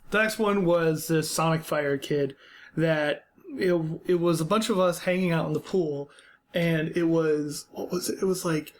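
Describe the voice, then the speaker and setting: A young man hosts a podcast, talking bluntly and casually with frequent fillers and restarts. His voice sits a little higher than most men's. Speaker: podcast host. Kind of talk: unscripted critique chat.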